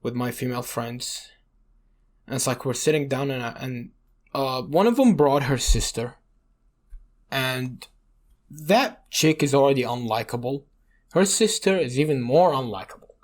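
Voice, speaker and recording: Young guy from iraq ranting on a podcast, mid pitch, swears constantly, lots of you know. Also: measured pace, pauses often. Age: young adult. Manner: rambling storyteller, swears a lot, leans on "you know". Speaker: podcast co-host. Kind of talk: casual chat.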